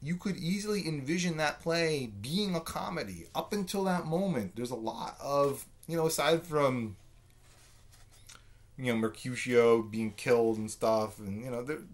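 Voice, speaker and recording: A man's voice: medium pitch, moderate pace. A man giving a conversational literature lecture, full of fillers and "right?" check-ins. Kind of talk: recorded lecture.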